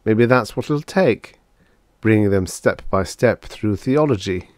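A man voicing a calm, thoughtful older spaceman who muses aloud. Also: fairly low pitch, a little slow, dry recording, studio quality, pitched above the performer's own voice. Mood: musing. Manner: calm, musing.

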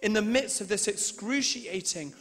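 Dramatic preacher, man, echoing hall. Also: sits high. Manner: dramatic, swings between loud emphasis and hushed slow delivery. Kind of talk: sermon with scripture reading. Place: large church hall. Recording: reverberant hall sound.

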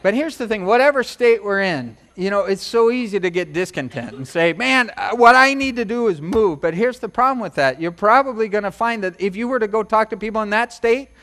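High-voiced animated preaching man. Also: fairly quick, hardly any pauses. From United States. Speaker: pastor. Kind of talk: sermon.

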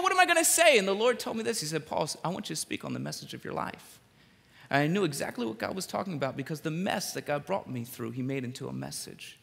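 A man from the Philadelphia area preaching a sermon, telling personal stories in an animated way with quick jokes and repeated words. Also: a little high, gravelly. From Philadelphia area, USA. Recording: reverberant hall.

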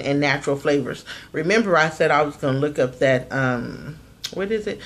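A woman talks casually in a home-made review vlog, reading ingredient lists aloud. Her voice sits low for a woman. She chats loosely and drifts onto side topics. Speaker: vlogger.

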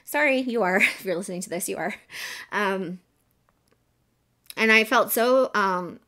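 A woman's voice: mid-range voice, unhurried, sharp tone. A woman hosting a podcast, telling a personal story in a casual, candid way with lots of fillers and some swearing. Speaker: podcast host.

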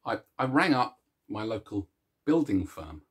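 On a casual video chat he hosts, a man with a lowish, slightly rough voice speaks at a measured pace but with a very animated delivery. He eats chocolate as he goes, joking at his own expense and laughing at his puns.

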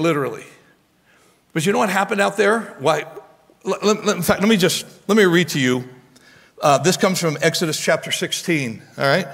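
Pastor guy preaching, animated with lots of restarts, gravelly voice, church hall echo. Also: a little high. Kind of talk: sermon. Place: church sanctuary. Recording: long church hall reverb.

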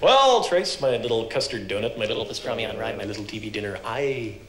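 A man's voice: lowish voice, lively intonation, fast talker. A man playing a smug, stuttering computer-generated male TV host who talks in flippant puns and glitchy repeats. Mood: chatty. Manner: cheeky, flippant, punning. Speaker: talk show host. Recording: noisy 1980s TV broadcast.

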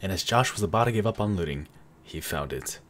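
A man putting on a calm, measured narrator voice that tells his own actions in the third person. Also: sits low, a little hiss or hum, voice pushed down. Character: calm male storybook narrator.

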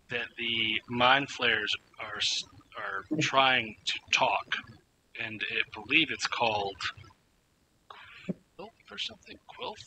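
Slow-talking game master man. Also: mid-range voice, bright, forceful tone, slight background noise, rough recording. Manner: halting, many fillers and restarts. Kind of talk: narrating a tabletop game.

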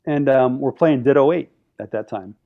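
A man tells stories as a podcast guest in a relaxed, animated way. He acts out what people said and laughs often. His voice sits at an ordinary middle pitch, and the recording sounds a little dull and lo-fi. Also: moderate pace. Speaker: podcast guest, drum line instructor. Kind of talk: casual storytelling.

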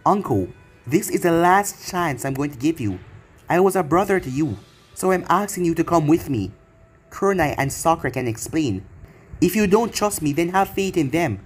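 A man reading as a young male ninja leader from a fan storybook, earnest and commanding. The voice sits a little high and stays close to the reader's own, with faint music underneath. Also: lively intonation, normal speed, husky. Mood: menacing.

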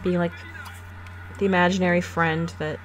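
A woman's voice: lowish voice, little pitch movement, normal speed. A woman casually commenting on her life-simulation game, playful and sassy, laughing often as she bosses her characters around. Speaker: gaming channel host. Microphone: desk microphone.

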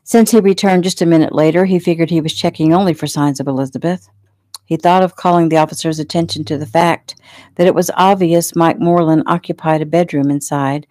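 Low-voiced woman reading her novel. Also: fairly even intonation, brisk, a little mellow, dry recording. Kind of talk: casual audiobook reading.

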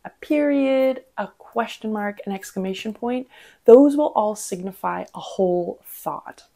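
A young woman in her twenties talks through acting craft on her podcast, her voice carrying a gravelly fry at the ends of phrases. She explains things in a chatty, instructional way, with casual fillers. Her pitch sits right in the middle for a woman. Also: a little slow, warm tone. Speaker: podcast host and acting coach.

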